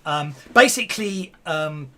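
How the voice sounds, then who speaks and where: Male tabletop game master with a slightly high voice; rambling delivery full of fillers and restarts. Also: lively intonation, unhurried, fairly bright tone.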